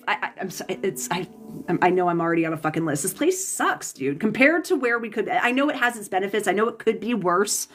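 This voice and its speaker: Heated woman ranting on her tarot livestream, swears a lot, trips over her words, faint music behind. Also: medium pitch. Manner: heated, profane, frequent restarts. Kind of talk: livestream chat answering comments. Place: home, Pacific time zone.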